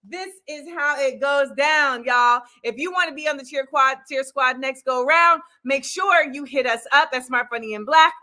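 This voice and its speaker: A woman hosting a comedy game show, loud and hyped with casual slang. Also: high-pitched, moderate pace, hardly any pauses. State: out of breath.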